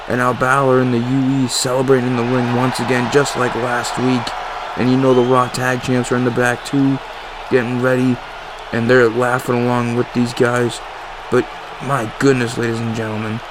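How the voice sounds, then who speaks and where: A man doing excitable, casual play-by-play commentary on a wrestling match. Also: medium pitch, slight background noise, poor audio. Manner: excitable, emphatic, casual swearing.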